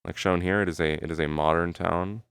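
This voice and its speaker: Low, smooth-voiced man rambling to his chat. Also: fairly even intonation, a little fast, fairly bright tone, no room sound, studio quality. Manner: rambling, swears freely, keeps adding "right?"; talks to his chat while thinking aloud. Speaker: streamer. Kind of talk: casual live-stream chat.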